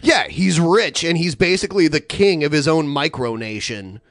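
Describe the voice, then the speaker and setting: A man's voice: fairly high pitch, expressive, normal speed, fairly bright tone, no echo, studio quality. A man co-hosting a casual podcast, explaining and correcting facts in a matter-of-fact way. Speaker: co-host.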